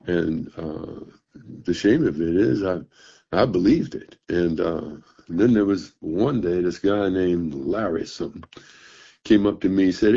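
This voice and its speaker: An older man, a blues musician, telling a story to an interviewer in a halting, casual way with fillers and repeated words. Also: low-pitched, gravelly, dark tone, slightly rough. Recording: dull, muffled recording.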